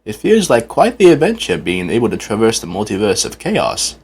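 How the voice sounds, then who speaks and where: A man's voice: lowish voice, wildly swooping pitch, normal speed, a little mellow, breathy edge, exaggerated voice. A man voicing a polite, cheerful male tram engine in a fan talk show.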